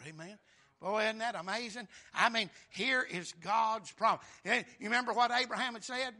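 Preacher guy, high bright voice, hollers amen and brother, swings from quiet to shouting. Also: moderate pace. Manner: fervent preaching, bursts into shouts on key lines; sprinkles "Amen" and "brother", quotes scripture in old wording. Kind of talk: sermon.

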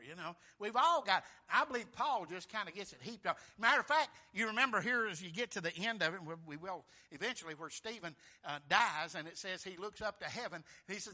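A man's voice: lively intonation, fairly quick, pushed and bright. A man preaching a fervent, folksy sermon. He surges in force on key phrases and calls out "Amen?" to the congregation. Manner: fervent, surging in pitch and volume on key phrases.

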